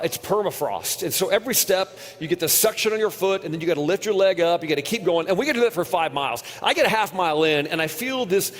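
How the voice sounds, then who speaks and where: Man preaching in an echoing hall. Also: a little high. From United States. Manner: earnest storytelling, drops quiet on painful moments. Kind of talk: conference sermon with personal story. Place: large hall. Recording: long hall reverb.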